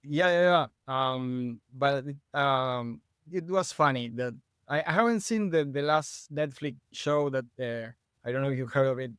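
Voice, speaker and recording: A man from Argentina with an Argentinian Spanish accent, a native Spanish speaker co-hosting a podcast, talking casually in halting English while searching for words. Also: mid-range voice, a bit bright, smooth, no room sound, studio quality. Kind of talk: casual chat.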